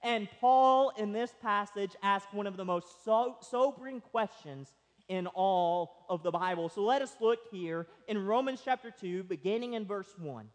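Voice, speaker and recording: A pastor preaching a slow, emphatic sermon in a church, his voice rising loud and dropping quiet. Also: sits high. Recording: long reverb of a large hall.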